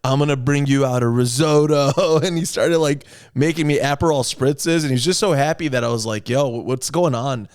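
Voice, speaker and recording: A man hosting a casual podcast, easygoing and quick to laugh, chiming in with short reactions. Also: medium pitch, darkish tone, smooth, dry recording, studio quality. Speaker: podcast host.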